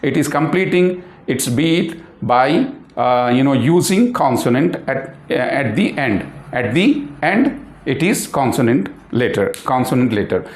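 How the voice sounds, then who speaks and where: A man's voice: mid-range voice, sing-song, unhurried, hardly any pauses. A man whose first language is Urdu teaching a phonics lesson in English, spelling words out letter by letter and repeating himself often with many fillers. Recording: echoey room.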